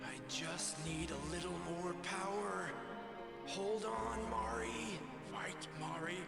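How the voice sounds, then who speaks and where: A man's voice: high voice, slow pace, vocal fry, loud music behind the voice, pitched above the performer's own voice, heavily acted. A man voicing a brash young male priest with a put-on American Southern drawl, who chants solemn prayers. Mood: desperate.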